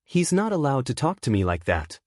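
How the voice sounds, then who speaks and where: A man's voice: medium pitch, wildly swooping pitch, fairly quick, a little mellow, no room sound, studio quality. A man voicing a pushy, possessive teenage girl who speaks with entitled insistence. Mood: indignant.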